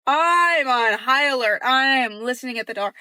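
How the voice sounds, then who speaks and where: Bright-voiced young woman telling a story. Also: high voice, animated, moderate pace, no room sound. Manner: chatty, acts out quoted dialogue in a hushed voice. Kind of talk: casual storytelling.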